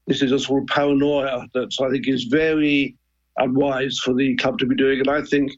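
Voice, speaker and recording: A man's voice: mid-range voice, little pitch movement, moderate pace, muffled recording. An older man, a former club chairman, talking as a guest on a radio discussion in an earnest, hesitant way, often repeating words.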